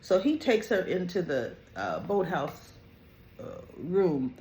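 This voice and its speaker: A host giving an animated, opinionated casual review of a soap opera episode, with frequent "you know" and "right?" asides. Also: mid-range voice, slow pace, roomy sound, a little hiss or hum. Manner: animated, opinionated, quotes characters in lively voices.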